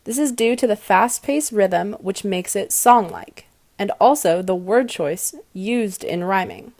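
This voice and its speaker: A woman giving a class presentation on poetry, explaining clearly and stressing her example lines. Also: medium pitch, animated, a little slow, a little mellow, no echo.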